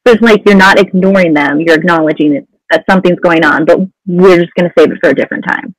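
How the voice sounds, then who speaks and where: A woman's voice: on the low side, quick pace, dry recording, rough recording. Conversational woman counselor, dry sound. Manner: conversational, many "you know" fillers. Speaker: mental health counselor guest. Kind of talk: casual podcast interview.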